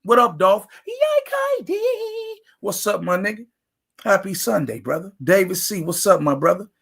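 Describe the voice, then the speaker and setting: A man's voice: high-pitched, sing-song, normal speed, creaky, fairly bright tone, husky. A man hosting a sports talk livestream, ranting emphatically and greeting chat viewers by name. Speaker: sports talk show host. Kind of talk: casual livestream commentary.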